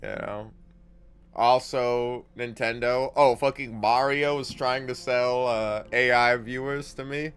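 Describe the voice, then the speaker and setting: Twitch streamer, young guy, loose and profane, mid-pitched voice. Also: steady tone, slow pace, fairly bright tone, smooth. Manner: profane, joking, frequent laughter. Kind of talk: casual gaming livestream chat.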